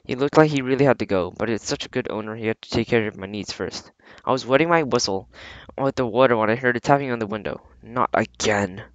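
A man reading a storybook aloud with halting restarts and frequent throat clearing. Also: medium pitch, dry recording, lo-fi sound. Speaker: audiobook reader. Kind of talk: amateur audiobook narration.

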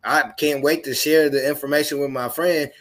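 A man's voice: fairly high pitch, steady tone, moderate pace. A man hosting a podcast over a video call, chatting casually with playful, slangy banter. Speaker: podcast host. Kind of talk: casual chat.

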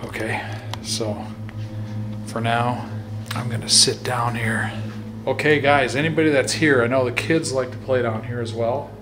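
A man investigating a haunted hospital at night, talking in a hushed voice, often whispering, and calling out to spirits in a cold dark basement. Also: medium pitch, level tone, unhurried, pauses often, background noise. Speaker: paranormal investigator. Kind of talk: ghost hunting vlog commentary.

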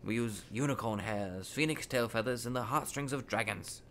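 A man voicing an eerie old wandmaker in a read-aloud storybook, lifting his voice a little above his own and lingering over every word. The old man sounds precise and quietly uncanny, with a faint hiss of noise behind him. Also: mid-range voice, normal speed, close to an everyday voice. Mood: coaxing.

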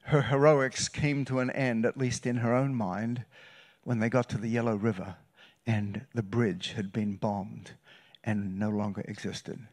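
A man preaching a sermon as a guest pastor, telling a story with loud bursts and hushed, quiet passages. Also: lowish voice, a little slow. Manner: animated, shifts between loud bursts and hushed retelling. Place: church sanctuary.

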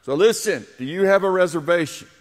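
A man's voice: high-pitched, animated, fairly quick. A middle-aged man preaching a sermon as pastor, telling a story and then leading the congregation in prayer. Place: church sanctuary. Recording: long church hall reverb.

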